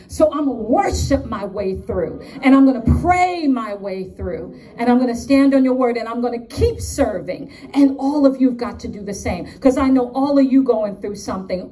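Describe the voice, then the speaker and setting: A woman's voice: high-pitched, warm tone, far from the mic. A woman with a New York accent preaching and praying at a conference, piling up emphatic repeated lines. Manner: fervent, repetitive emphatic lists. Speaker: conference speaker. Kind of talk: preaching and prayer. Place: conference hall.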